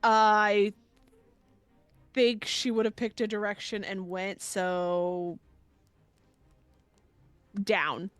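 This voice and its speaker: A woman's voice: mid-range voice, steady tone, very slow, pauses often, clean tone, no room sound. A woman playing a tabletop game, giggling and hesitant, often unsure of the rules. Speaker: player.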